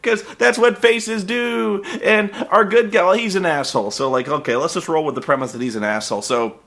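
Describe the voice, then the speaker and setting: A man's voice: sits high, a bit bright. A man hosting a comedic review, recapping events in an exasperated, profane, sarcastic rant that rambles along on fillers. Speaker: host reviewing wrestling.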